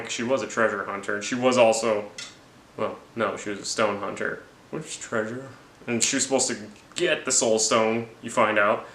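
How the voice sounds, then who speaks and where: A man's voice: fairly low pitch, pushed and bright, slight background noise. A man giving a rambling, jokey, profane movie recap. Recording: roomy with faint ambience.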